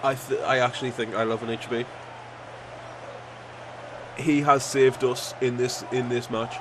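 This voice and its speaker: A man commentating on his own football video game match, frustrated and swearing, with sudden excited outbursts. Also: medium pitch, unhurried, noisy background. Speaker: gaming YouTuber.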